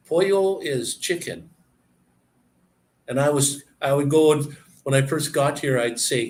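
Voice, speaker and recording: A man's voice: medium pitch, animated, takes it slowly, long pauses, darkish tone. Chatty man explaining casually. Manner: chatty, retells exchanges with quoted voices. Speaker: vlogger.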